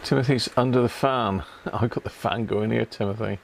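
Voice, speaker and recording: A man's voice: on the low side, normal speed, gravelly, a little hiss or hum. A man hosting a casual live stream from his home workshop, chatting with viewers and greeting them one by one by name.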